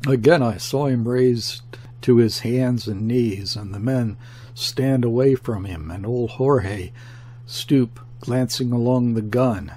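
A man reading a classic novel aloud in a measured, deliberate audiobook narration. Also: mid-range voice, darkish tone, slightly rough.

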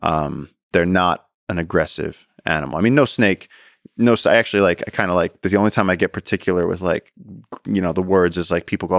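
In a studio-quality recording without room sound, a thirtysomething man from the United States guests on a podcast. He speaks quickly in a low, creaky voice, animatedly spinning stories, acting out quotes, and dropping plenty of fillers.

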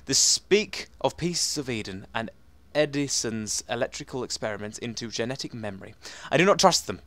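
A man giving chatty, excitable let's play commentary, talking to himself as he plays. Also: mid-range voice, normal speed. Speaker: gaming commentator.

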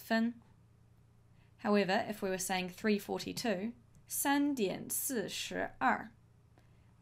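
A woman teaching a language lesson, modelling each phrase slowly and clearly for learners to repeat. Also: medium pitch. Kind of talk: slow, deliberate language lesson.

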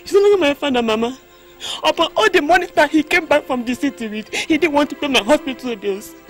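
A resentful Nigerian daughter who is close to tears, with a high, piercing voice that keeps insisting. Faint music runs underneath her in this film scene. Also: lively intonation, fast talker. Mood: bitter, tearful. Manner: shrill, insistent, near tears. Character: sick, aggrieved teenage daughter, bitter at her father.

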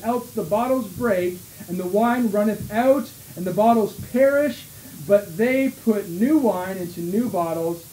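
A man's voice: high voice, dark tone. Man, Canadian accent, pastor, fervent sermon, echoey hall, faint background hiss. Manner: fervent preaching, mocking voices for hypocrites. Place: small church hall.

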